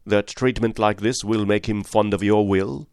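A stern, upright gentleman of the old country estate, read by a man in a low voice. He speaks with grave, measured reproach, every word carrying moral weight. The voice is dry and close, with no room around it. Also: lively intonation, no echo. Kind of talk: audiobook character reading.

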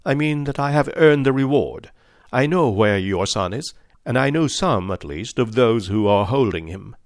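A man's voice: mid-range voice, expressive, normal speed, no room sound, close to an everyday voice. Man reading as a cool, unyielding male sleuth, precise and insistent, dry close sound. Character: cold, inexorable male detective.

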